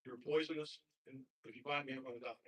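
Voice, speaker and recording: A man voicing a young boy in a told story, wary and later accusing, with a husky voice heard from far off the mic. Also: mid-range voice, steady tone, fast talker, a bit bright, highs cut off. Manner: wary, then hurt and accusing. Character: young boy, wary but eager for praise.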